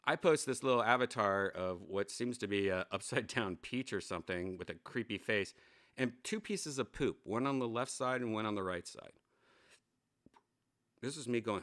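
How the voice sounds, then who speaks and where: A man's voice: medium pitch, expressive, fairly quick, fairly bright tone. A man hosting his own show in a casual, rambling livestream chat, full of profanity and self-mocking riffs. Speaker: host. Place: home studio.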